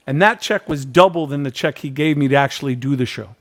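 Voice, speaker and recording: A man's voice: fairly high pitch, fast talker, few pauses. A middle-aged man hosting a podcast, telling a long story in casual chat and acting out the people he quotes with lots of repetition. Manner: animated storyteller, acts out quotes, repeats phrases. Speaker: podcast host.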